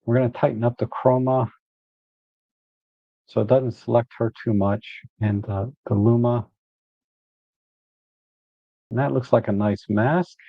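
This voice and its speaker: A man hosting a live photo editing walkthrough, relaxed and thinking aloud as he works. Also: medium pitch, a little slow, creaky, pauses often, dry recording, muffled recording.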